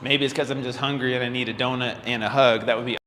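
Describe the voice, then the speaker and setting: Guy around 40 on a livestream, kinda choked up, lots of ums, mid pitch, echoey room. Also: fairly even intonation, fairly bright tone, a little hiss or hum. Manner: halting and earnest, many fillers and restarts. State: holding back tears. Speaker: fitness vlogger. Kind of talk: casual livestream talk to viewers.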